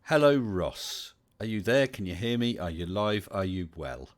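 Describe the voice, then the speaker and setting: A man's voice: fairly low pitch, sing-song, normal speed. A man with an English West Country accent hosting a casual livestream chat, chatty and welcoming, with many fillers. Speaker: livestream host.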